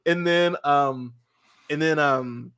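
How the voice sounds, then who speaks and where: A man's voice: a little high, takes it slowly, a bit bright, clear, resonant tone. A man hosting a podcast, talking casually and animatedly, laughing often and restarting his sentences. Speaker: podcast host.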